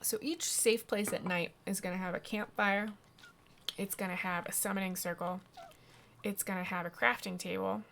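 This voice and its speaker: A woman's voice: mid-range voice, steady tone, normal speed, vocal fry, a bit bright, a little hiss or hum. A woman streaming a video game, giving chatty, rambling commentary full of ums. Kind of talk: casual gameplay commentary.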